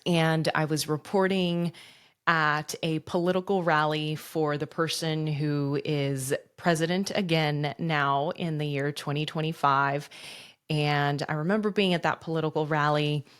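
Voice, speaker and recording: A woman's voice: low voice, steady tone, unhurried, clear, resonant tone. A woman in her thirties hosting a podcast, telling her own story in an earnest, reflective way with rhetorical questions. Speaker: podcast host. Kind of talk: personal storytelling monologue.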